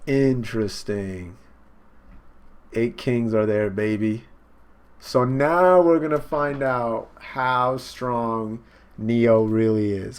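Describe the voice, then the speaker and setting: A man casually and excitedly recapping a comic chapter in slangy talk during a live stream, jumping into the characters' lines. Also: fairly low pitch, a little hiss or hum. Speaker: online manga reaction host.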